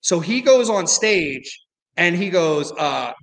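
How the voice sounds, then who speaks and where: A man, a comedy club owner, telling a rambling, animated story in casual chat. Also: sits high, takes it slowly, gravelly, long reverb tail, rough recording.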